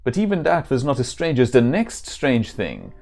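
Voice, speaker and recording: A man's voice: mid-range voice, wildly swooping pitch, normal speed, creaky, a little mellow, exaggerated voice. A man voicing a stern, earnest adult male warrior with a put-on German accent and formal old-style speech.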